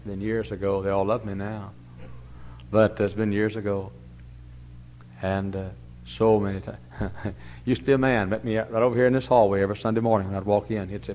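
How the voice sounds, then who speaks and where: An older man preaching a sermon in a church. He tells stories with big swings from loud to hushed. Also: on the low side, steady tone, brisk. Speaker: pastor. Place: church sanctuary. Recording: dull, lo-fi church recording with faint hum.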